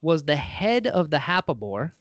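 A man's voice: on the high side, big pitch swings, normal speed, dry recording, dull audio. A man, an actor and writer being interviewed, talking casually and rambling with lots of fillers, a little self-deprecating.

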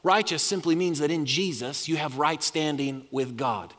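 A male pastor preaches with animated energy, rising and falling as he leads the congregation in call-and-response. His voice sits a bit high for a man. Long reverb from a large church hall trails each phrase. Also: normal speed. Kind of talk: sermon.

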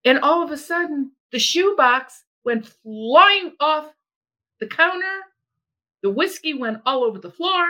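A woman's voice: high voice, measured pace, poor audio. A middle-aged woman telling a personal story in casual chat, acting out what people said. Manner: animated, acts out quoted voices. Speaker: storyteller guest.

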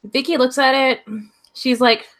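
A woman narrating a tabletop role-playing game as game master, lively and full of fillers and laughs. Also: high-pitched, a little slow.

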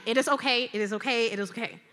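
A woman telling a personal story to an audience from a stage, in an animated, conversational way with dramatic emphasis. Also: fairly high pitch, racing. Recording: long hall reverb.

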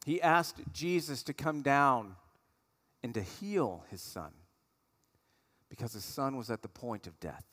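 A man's voice: mid-range voice, animated, measured pace, pauses often, fairly bright tone. A man, a pastor giving a sermon in a conversational storytelling way. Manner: conversational storytelling, acting out voices of the people in the story. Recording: long hall reverb.

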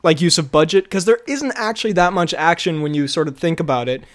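A man's voice: on the high side, fast talker. Chatty man rambling on a podcast. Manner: rambling, laughs often, many fillers. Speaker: podcast co-host. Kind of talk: casual chat.

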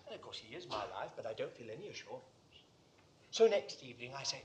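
A man preaching a sermon to a congregation in a room, fervent, swinging from hushed asides to loud declarations. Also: medium pitch, big pitch swings, fast, slight background noise.

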